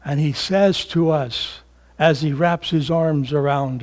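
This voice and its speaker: Slow, emphatic older preacher man. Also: on the high side, fairly even intonation. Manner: slow and emphatic, rising to fervent peaks then dropping to hushed tones. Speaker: pastor. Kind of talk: sermon.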